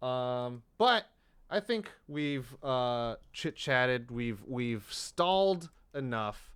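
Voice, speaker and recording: Profane, animated young man with a smooth voice. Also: medium pitch, extremely slow. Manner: loose and profane, animated retelling of conversations. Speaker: podcast co-host. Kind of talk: casual chat.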